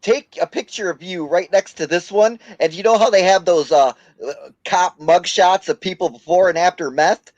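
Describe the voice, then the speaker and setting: A man's voice: high voice, normal speed, hardly any pauses, darkish tone, dry recording, muffled recording. A man joking and teasing others on a casual livestream. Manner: laughing, teasing banter.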